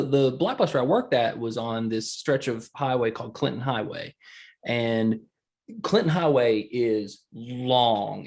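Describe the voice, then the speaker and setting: A man, co-hosting a casual chat and rambling through a story, laughing often. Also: mid-range voice. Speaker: podcast co-host.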